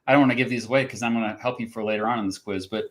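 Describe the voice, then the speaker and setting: A man's voice: medium pitch, steady tone, very fast. A man hosting a casual livestream chat, talking in a chatty, hesitant way and laughing often. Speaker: host.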